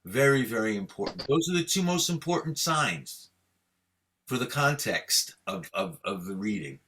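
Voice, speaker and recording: A male cantor teaching chant signs, speaking emphatically and singing slow examples for students to repeat. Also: on the low side, sing-song, fairly bright tone, a little hiss or hum. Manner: emphatic, repeats key points, sings examples slowly. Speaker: cantor teaching Torah cantillation. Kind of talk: patient teaching, sung demonstrations.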